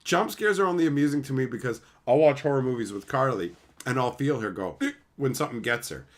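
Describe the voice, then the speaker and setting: Reading chat and ranting on a laid-back stream, this man talks quickly at a medium pitch. He's animated, swears a lot, and mimics others with voiced impressions.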